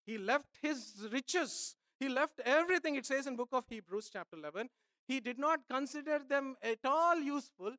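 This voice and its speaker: A man preaching a sermon as pastor, emphatic, repeating phrases and swinging from soft asides to loud pleading. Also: extremely high pitch, animated, moderate pace, dry recording, studio quality.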